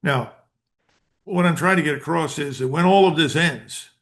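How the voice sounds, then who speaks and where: A man's voice: on the high side, normal speed. An older American man and retired colonel, a guest giving blunt, emphatic answers in an interview. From United States. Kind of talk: interview commentary.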